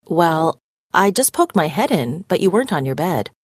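A woman voicing a caring mother who is worried about her son, speaking gently and anxiously. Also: fairly low pitch, big pitch swings, normal speed, breathy edge, dry recording, clean studio sound. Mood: concerned.

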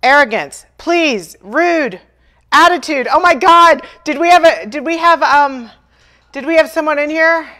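A woman's voice: high-pitched, unhurried, sharp tone. A woman hosting a furniture painting livestream, chatting with viewers and telling stories with acted-out dialogue and self-deprecating humor. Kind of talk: casual livestream chat.

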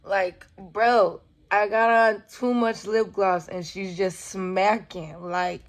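A woman's voice: medium pitch, fairly even intonation, slow. A nineteen-year-old woman chatting casually to her viewers in a vlog, playful and profane, recorded on a phone outdoors and on a bus. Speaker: vlogger. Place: outdoors, at a bus stop, on a bus and walking. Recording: street and vehicle noise behind.

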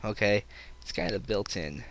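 A man's voice: fairly low pitch, big pitch swings, normal speed, vocal fry. A man giving casual, self-deprecating commentary while playing a game, talking to viewers. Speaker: let's play commentator. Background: game music.

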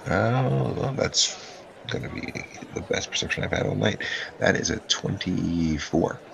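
Male tabletop player, very low voice, hesitant with lots of fillers. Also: expressive, a little slow, gravelly, background noise. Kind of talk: casual tabletop play.

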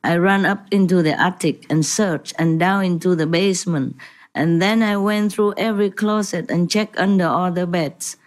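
A woman's voice: fairly low pitch, fairly even intonation, moderate pace, close to an everyday voice. A woman as a dead wife telling her story. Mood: recounting. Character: woman who died of a heart attack, indignant storyteller.

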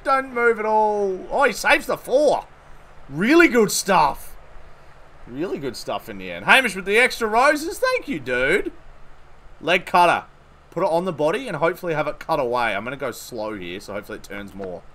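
Young Aussie streamer, high lively voice, excitable and sweary. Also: male voice, normal speed. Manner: excitable, swears, thanks followers between balls. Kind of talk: live gameplay commentary.

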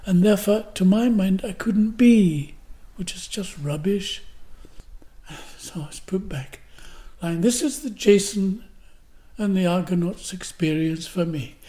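Older Glaswegian actor, mellow voice, theatrical anecdotes, interview guest. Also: male voice, sits high, unhurried. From Scotland. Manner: theatrical, vivid, acts out his own cries and quotes; fillers and restarts, rhetorical questions.

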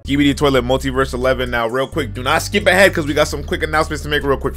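A young man hosting a reaction video, hyped and shouting with casual slang. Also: mid-range voice, fairly even intonation, very fast, hardly any pauses, faint music behind. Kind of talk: excited reaction commentary.

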